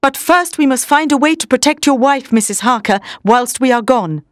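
A woman's voice: high-pitched, animated, normal speed, dry recording, clean studio sound, pitched above the performer's own voice. Woman reading a resolute old male professor.

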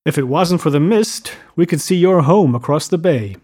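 A man's voice: on the high side, lively intonation, normal speed, darkish tone, husky, pitched above the performer's own voice. Man doing a giddy, wealthy young host. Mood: wistful.

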